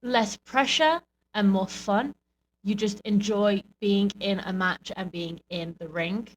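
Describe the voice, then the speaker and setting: A woman's voice: mid-range voice, slow pace, a little hiss or hum, poor audio. Chatty woman podcast co-host. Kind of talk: casual chat.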